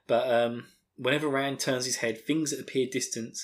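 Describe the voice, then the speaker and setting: Rambling Essex man recapping chat. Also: medium pitch. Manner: rambling, with lots of fillers. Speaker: podcast host. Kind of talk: casual chat.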